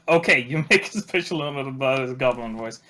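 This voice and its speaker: A man runs a tabletop session with a bright, forward voice. He narrates in halting bursts, circling back and restarting his sentences. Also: mid-range voice, lively intonation. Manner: halting, full of restarts and fillers. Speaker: game master.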